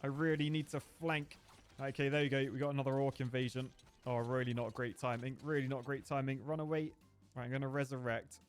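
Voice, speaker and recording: A young man gives running live commentary over his gameplay, chatty, jokey and quick to get excited. His voice sits at an ordinary middle pitch. Faint music plays behind him. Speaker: gaming streamer.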